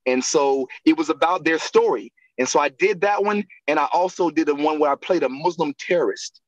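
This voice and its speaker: A man, a guest actor and acting coach, telling animated stories in a casual interview, laughing and acting out the voices of people he quotes. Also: fairly high pitch, brisk, dry recording, muffled recording.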